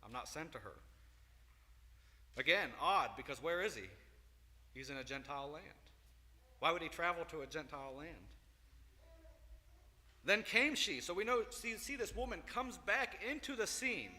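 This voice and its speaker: A man teaching a Sunday school Bible lesson, telling the story with animated, acted-out quotes. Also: on the high side, normal speed, pauses often. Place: church hall. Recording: long reverb in a hall.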